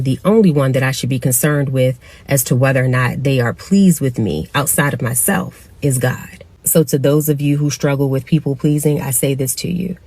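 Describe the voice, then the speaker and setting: A motivational speaker talks in an earnest, direct way and encourages the listener. The voice is mid-pitched, with a mellow, dark tone. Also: dry recording. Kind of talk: motivational talk.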